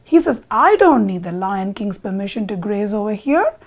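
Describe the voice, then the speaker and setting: A woman's voice: mid-range voice, sing-song, moderate pace. A woman voicing a sly male jackal courtier, persuasive and wheedling, in a told folk tale. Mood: scheming.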